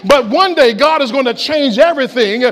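A man's voice: very high-pitched, lively intonation, moderate pace. A man preaching an impassioned Easter-style sermon in a church, calling out to the congregation. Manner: impassioned, shouting call-and-response preaching. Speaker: pastor. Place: church sanctuary.

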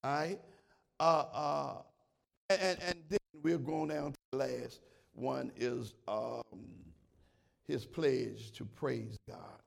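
A man preaching a sermon, swinging from shouted exclamations to quiet prayer and repeating words as he calls out to his congregation. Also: mid-range voice, fairly even intonation, slow, creaky. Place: church.

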